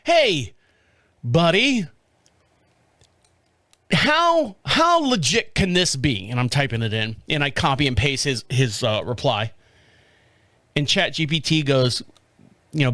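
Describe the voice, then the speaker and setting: A man's voice: fairly high pitch, pushed and bright, clean tone, no echo. A man hosting his own podcast, telling a story in a rambling, profane, chuckling way. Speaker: podcast host. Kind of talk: casual solo monologue.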